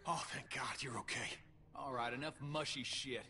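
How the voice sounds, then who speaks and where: A hot-tempered gruff man. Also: medium pitch, moderate pace, pushed and bright, a little hiss or hum. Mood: scolding. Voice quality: profane, barking and bossy. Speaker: video game character.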